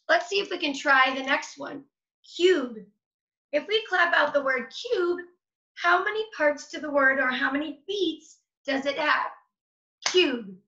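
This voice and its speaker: A woman teacher giving a phonics lesson to children, gentle and encouraging, sounding out words slowly. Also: high voice, reverberant, lo-fi sound.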